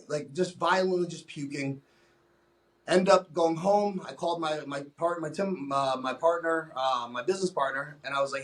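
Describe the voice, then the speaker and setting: A man's voice: sits high, fairly bright tone. A young adult man, a podcast guest, telling his own story candidly in a blunt, profane way, often restarting his sentences.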